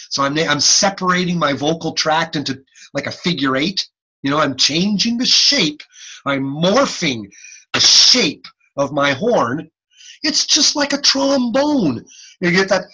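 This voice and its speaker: Husky man lecturing slowly over a video call. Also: fairly high pitch, dull audio. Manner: demonstrates sounds aloud, animated, repeats himself. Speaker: instructor. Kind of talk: online class lecture. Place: home or office on a video call.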